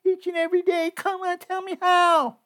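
Guy doing a shrill whiny young woman, sarcastic falsetto, way up high. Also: completely flat delivery, moderate pace, fairly bright tone. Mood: mock pleading. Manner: sarcastic, whining mimicry.

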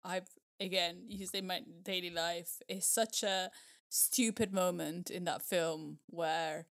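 A woman co-hosting a casual podcast chat, laughing often and retelling film scenes with animated exclamations. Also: lowish voice, slow pace. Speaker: podcast co-host.

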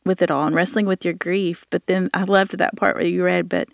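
A woman guest on a Bible study podcast, talking earnestly with many pauses and fillers, and reading a psalm aloud. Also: on the low side, steady tone, gravelly, dry recording, clean studio sound. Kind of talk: reflective Bible study chat.

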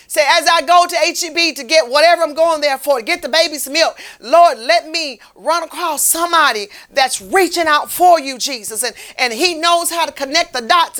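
Fervent woman preaching, high and bright. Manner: fervent, repetitive exhortation. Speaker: lay minister. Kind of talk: street-preaching sermon.

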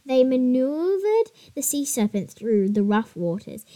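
A woman reading a children's adventure story aloud in a soft, hushed way. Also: sits high, sing-song, measured pace, dry recording. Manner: soft, hushed reading that drops to near whisper.

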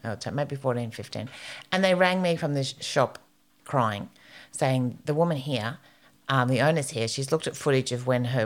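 Low-voiced Australian woman telling a story. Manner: animated storytelling, swears freely. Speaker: podcast co-host. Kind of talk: casual chat.

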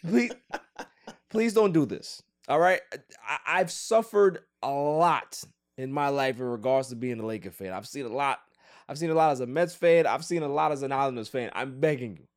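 A man co-hosting a casual sports podcast, joking and pleading in an animated way. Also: medium pitch, normal speed. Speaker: podcast co-host.

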